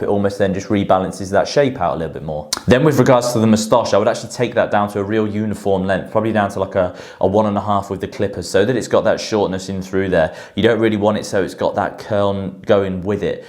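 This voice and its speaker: A man's voice: low-pitched, darkish tone. A man hosting a grooming vlog, chatting casually about haircuts and beards and leaning on stock phrases. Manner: chatty, repeats stock phrases like 'in through there'. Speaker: male grooming specialist and host.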